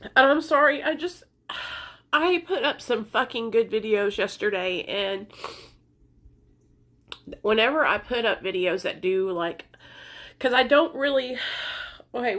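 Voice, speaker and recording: Young woman, high voice, crying through an earnest personal vlog. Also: fairly bright tone. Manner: tearful, earnest, pleading. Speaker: content creator sharing recovery story.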